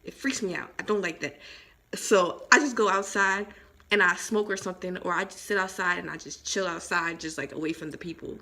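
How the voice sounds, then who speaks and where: A woman's voice: fairly low pitch, brisk, bright, forceful tone, slight background noise. Young woman rambling through a storytime vlog. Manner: rambling, emphatic, lots of "like" and "seriously". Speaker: vlogger. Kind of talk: casual storytime chat. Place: at home.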